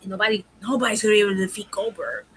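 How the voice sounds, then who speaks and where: A woman co-hosting a casual wrestling chat show, animated and emphatic, quick to agree. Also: medium pitch, slight background noise, poor audio. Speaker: podcast co-host.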